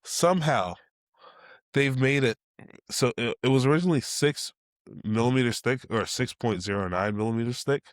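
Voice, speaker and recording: A man co-hosting a casual tech podcast, lively and quick to laugh, short on sleep. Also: medium pitch, no room sound, studio quality. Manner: animated, laughs through stories. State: sleep-deprived. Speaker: podcast co-host.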